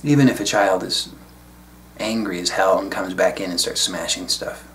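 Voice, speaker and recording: Male spiritual teacher, lowish voice, reflective unhurried solo talk, faint hum behind. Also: fairly bright tone. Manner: reflective, unhurried, casual asides.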